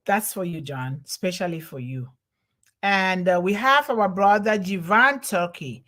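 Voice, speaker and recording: Broadcasting a live show from home over the internet, a non-native English-speaking woman reads out viewers' comments and thanks each one by name. She has a lowish, slightly bright voice with lively intonation and speaks at a measured pace.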